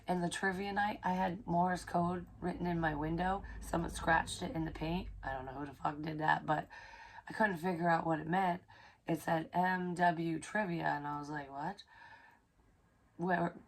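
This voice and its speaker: Woman, psychic medium, low voice, gravelly, casual storytelling, profane, excitable. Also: moderate pace. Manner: excitable and profane, drops into hushed asides.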